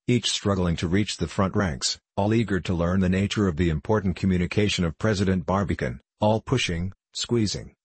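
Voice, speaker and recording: A male audiobook narrator reading in a steady, measured way. His voice sits low and slightly husky. The recording is close and dry. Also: no echo. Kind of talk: scripted narration.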